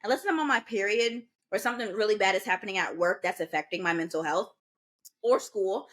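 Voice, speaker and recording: A woman's voice: medium pitch, fairly quick. A woman in her twenties co-hosting a podcast, telling stories in a casual chat and slipping into voices of the people she quotes. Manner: animated storytelling, mimics others' voices. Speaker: podcast co-host.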